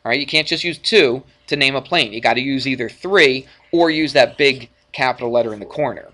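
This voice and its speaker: A male math teacher lecturing a class in a classroom, energetic and jokey, often checking in with the students. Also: mid-range voice, a little fast. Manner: energetic, jokey, asks frequent check-in questions.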